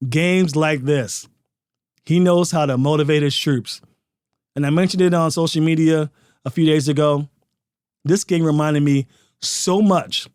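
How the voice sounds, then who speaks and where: A man's voice: on the high side, a little mellow, clear, resonant tone, dry recording, clean studio sound. A man hosting a sports podcast, giving emphatic, opinionated commentary full of rhetorical questions.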